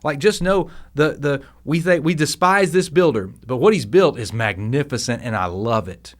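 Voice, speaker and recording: A man hosting a devotional podcast, teaching scripture in a casual, animated way with frequent restarts. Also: on the high side, normal speed. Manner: conversational, animated, with fillers and restarts.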